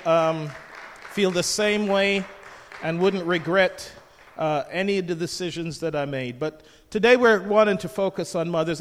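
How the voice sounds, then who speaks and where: An older man with a high-pitched voice preaches a sermon as pastor, jovial and conversational as he asks the congregation questions. A long reverb tail trails his words.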